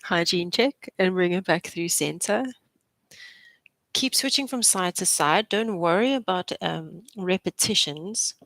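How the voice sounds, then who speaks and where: A young woman physiotherapist coaches a live posture class with upbeat, chatty cues and easy laughter. Her voice sits a little low for a woman. The sound is close and dry, with no room echo. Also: measured pace, vocal fry, fairly bright tone. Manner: encouraging, chatty, laughs often. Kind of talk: live exercise class instruction.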